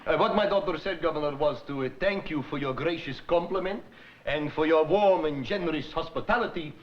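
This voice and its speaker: A man's voice: a little high, a little fast, natural voice. An actor playing a courteous Russian father who is formal and polite, hesitating as he searches for English words. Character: courteous Russian father, visiting ballet company head. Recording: dull old TV audio with hiss.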